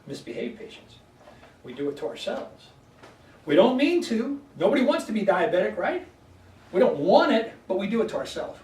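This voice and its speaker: A high-voiced male chiropractor leads a folksy health workshop as a lecture to a live audience, often checking in with listeners by asking "okay?". A distant mic picks him up from across an echoey room, with faint hiss beneath his voice.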